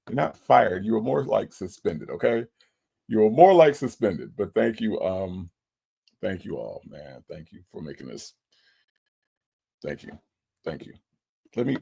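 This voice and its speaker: A man's voice: deep voice, vocal fry, darkish tone. A man hosting a livestream, emotional and repeating his thanks to viewers again and again. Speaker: livestream host. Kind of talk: casual livestream shout-outs.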